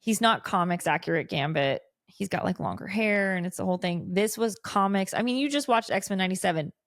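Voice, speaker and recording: A woman's voice: medium pitch, a little fast, no room sound, clean studio sound. A woman co-hosting a podcast, eagerly recapping a film in an unscripted review chat. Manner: gushing, animated recapping of plot. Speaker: podcast co-host.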